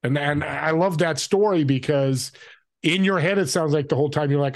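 An older man hosts a casual interview and answers his guest with enthusiastic agreement. His voice sits at a middle pitch. The recording is dry and close, with no room sound. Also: moderate pace, no echo. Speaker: host.

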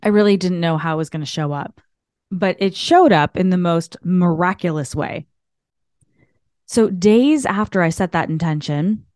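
A woman host from Canada telling a spiritual story in an animated, chatty way, full of filler words. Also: sits low, smooth, no echo, studio quality.

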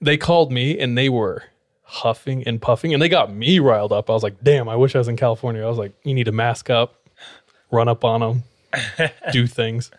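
A man co-hosts a podcast and tells a story in a casual, chatty way. He acts out the people in it, his pitch swinging up for their lines. The sound is dry and close. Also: fairly quick, no echo. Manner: animated, acts out quoted dialogue. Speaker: podcast co-host.

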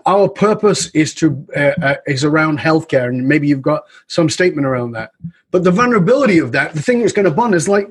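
Male speaker, fairly high, very husky voice, animated storyteller for an interview. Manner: animated, acts out voices in anecdotes. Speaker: author and leadership speaker. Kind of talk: storytelling in conversation.

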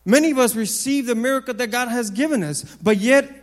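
A man with a high voice preaches a sermon in a large hall with a long reverb tail. He hammers his points through repetition and swings between loud, lifted phrases and low, quiet ones. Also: a little fast.

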